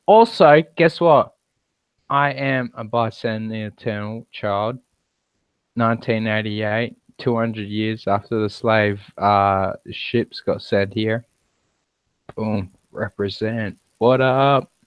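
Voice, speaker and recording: A man's voice: on the low side, steady tone, takes it slowly, clear, resonant tone, no echo, highs cut off. An Australian man in his thirties chatting casually in a gaming voice chat, joking and swearing freely. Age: 30s.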